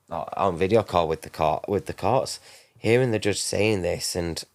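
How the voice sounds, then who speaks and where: Guy in his 30s, low voice, emotional, keeps restarting his sentences. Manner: emotional, halting, many restarts. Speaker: podcast guest. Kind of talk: personal storytelling.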